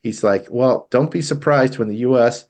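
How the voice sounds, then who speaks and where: A man hosts a talk show from a studio, talking straight through a political commentary monologue. His delivery is emphatic and indignant, often halting and restarting mid-phrase as he pushes his points. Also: mid-range voice, a little mellow.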